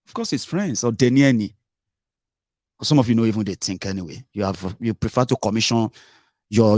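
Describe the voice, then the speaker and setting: This political commentator and show host speaks in a mid-range, slightly mellow voice with a Nigerian Yoruba accent. He delivers a heated monologue that scolds and mocks his audience, blending English, Pidgin and Yoruba. There's no room sound, and the studio audio is clean.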